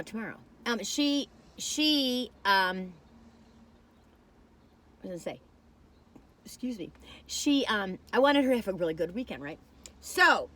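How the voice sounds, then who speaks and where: A woman's voice: mid-range voice, fairly bright tone. A woman reviewing food in a casual vlog, chatting while she tastes and telling a rambling story that keeps losing its thread.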